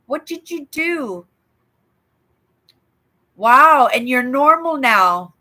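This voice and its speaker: Older lady chatting on her livestream, bright voice, talks slow, reads out comments and keeps asking "right?". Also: sits high. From Canada. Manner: chatty, reads viewer comments aloud, rambling asides, frequent "right?". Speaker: livestream host. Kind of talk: casual live chat reading comments.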